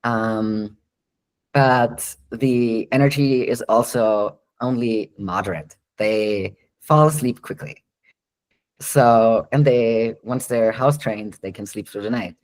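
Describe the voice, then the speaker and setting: Speaking slowly in a mid-range voice, a man who trains dogs takes listener questions during a live online Q&A. The recording quality is poor. His answers run long and conversational, full of ums and little chuckles.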